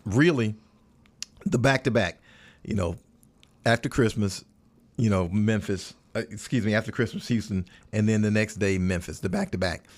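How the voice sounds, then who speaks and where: A man giving casual sports chat as a radio color analyst, folksy and animated with playful turns of phrase. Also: lowish voice, normal speed.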